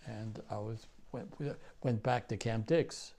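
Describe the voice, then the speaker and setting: An older man with a New York accent, a war veteran recounting memories in an interview, halting and repeating himself. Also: lowish voice, fairly even intonation, mellow. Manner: halting, repeats phrases, many fillers.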